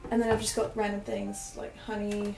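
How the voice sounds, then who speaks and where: A woman's voice: mid-range voice, completely flat delivery, normal speed. A young Australian woman whose accent drifts British, chatting casually with fillers and giggles while showing around her small apartment. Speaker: vlogger. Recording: echoey small room, faint background music.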